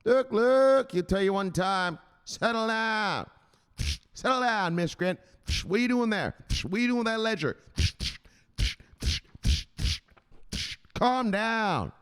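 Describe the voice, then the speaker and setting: A man's voice: high-pitched, animated, unhurried, fairly bright tone, clean tone, pitched above the performer's own voice. A man playing a tough male enforcer in a comic skit, barking orders and scolding.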